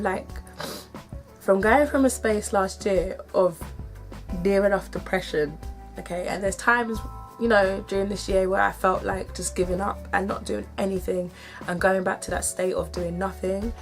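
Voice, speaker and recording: A woman's voice: medium pitch, fairly even intonation, moderate pace, soft background music. A woman from the UK talking straight to her viewers in a vlog, emphatic and emotional, repeating herself for effect. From United Kingdom. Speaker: vlogger. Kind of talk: direct-to-camera vlog.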